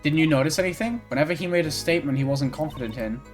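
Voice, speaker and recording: A man voicing a cheerful teenage girl magician as he reads a game's lines aloud, in a calm, explaining way. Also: fairly high pitch, racing, soft background music, natural voice.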